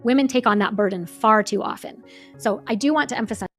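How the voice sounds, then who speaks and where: A woman speaking in a calm, measured and earnest way, reading a prepared monologue as a podcast host. Her voice sits a little high, and faint music plays softly beneath her. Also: husky. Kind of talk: scripted monologue.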